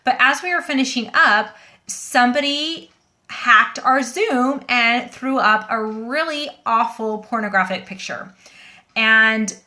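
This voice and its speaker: A woman's voice: fairly high pitch, sharp tone. Earnest, rambling woman on a phone livestream. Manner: earnest, rambling, with many fillers and restarts. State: shaken and emotional. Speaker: livestream host. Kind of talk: casual livestream talk to viewers.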